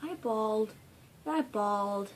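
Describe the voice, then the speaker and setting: A woman's voice: mid-range voice, a little slow, a little hiss or hum. A teenage girl hosting a casual fandom Q&A vlog from home, gushing with dramatic asides. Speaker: fandom channel host. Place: home room.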